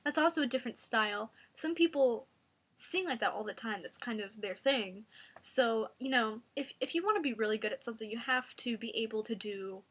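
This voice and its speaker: A woman giving a mock singing tutorial in a deadpan, rambling, self-serious way. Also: fairly high pitch, a little fast.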